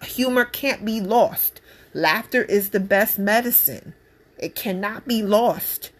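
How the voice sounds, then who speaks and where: A woman's voice: mid-range voice, slow. A woman, a mother, giving her opinion in a casual monologue, emphatic and blunt, repeating her points with passion. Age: adult parent.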